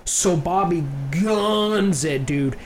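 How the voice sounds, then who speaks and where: A man's voice: high-pitched, very slow, very noisy. A young man hosting a casual chat, telling a story with lots of swearing and acting out what others said. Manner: animated storyteller, acts out quotes, swears often. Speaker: podcast host.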